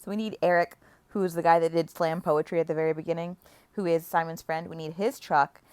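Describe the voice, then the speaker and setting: A woman's voice: low voice, steady tone, brisk, a little mellow, smooth. A young woman casually recapping a book series, chatty and playful, acting out characters' lines. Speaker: book vlogger.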